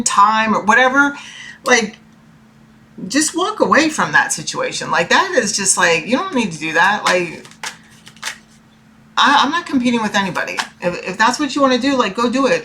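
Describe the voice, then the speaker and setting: A woman's voice: fairly high pitch, bright, forceful tone, slight background noise. A woman giving a casual tarot reading from her room, talking in a rambling, chatty way and often checking in with "okay?". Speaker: tarot reader.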